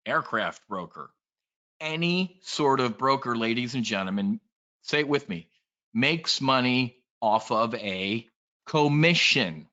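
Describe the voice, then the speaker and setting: A man delivers an animated trading briefing, joking and calling out to the room. His voice is bright and pushed forward. The recording is muffled and lo-fi. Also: medium pitch. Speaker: trading educator. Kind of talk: energetic presentation to an audience. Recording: dull lo-fi sound.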